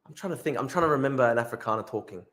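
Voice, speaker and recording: A man's voice: mid-range voice, expressive, racing, fairly bright tone, echoey room. A man ranting on a live stream, gloating, swearing and repeating himself. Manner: gloating, profane, repetitive. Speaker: political streamer. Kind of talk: live-stream political rant.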